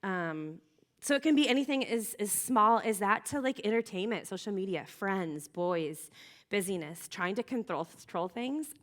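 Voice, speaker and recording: An earnest woman in her thirties tells her own story to a youth group. She talks in a chatty, open way, stumbling and restarting as she goes. Her pitch sits in the middle of the usual range for a woman. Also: expressive, normal speed. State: emotional. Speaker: youth ministry speaker. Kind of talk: personal testimony talk.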